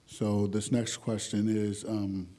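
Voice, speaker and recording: Man, low voice, flat delivery, slow hesitant question. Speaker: question asker.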